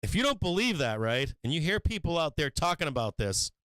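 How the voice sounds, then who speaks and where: A man hosting a market live stream, ranting with profane, emphatic fire. His voice sits high and swings widely in pitch. It sounds close and dry, with no room echo. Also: sing-song, fairly quick, a bit bright, smooth. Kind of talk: heated market commentary rant.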